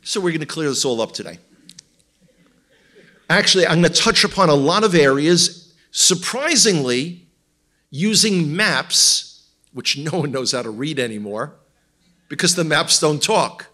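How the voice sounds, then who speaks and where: A man with an Israeli accent teaches from slides in front of a congregation. His voice sits fairly high for a man. He keeps the talk light with wry jokes and teasing asides to the audience. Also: lively intonation, unhurried, long pauses, pushed and bright. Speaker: tour guide and guest speaker.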